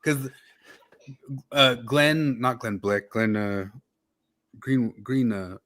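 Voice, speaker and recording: A man hosts a loose, casual conversation. He wanders from point to point, his voice sitting in a middle pitch, and he often stops to hunt for a name or a thread before pressing on. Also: drawn-out words, a bit bright. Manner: rambling, loses his train of thought. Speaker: podcast host. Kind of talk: casual political chat.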